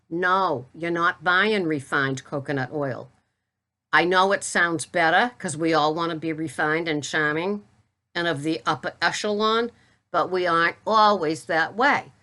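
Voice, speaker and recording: A woman's voice: lowish voice, pushed and bright. A middle-aged woman with a Boston accent, chatting casually and bluntly to camera about the food she buys. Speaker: keto vlogger. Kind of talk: casual product talk to camera.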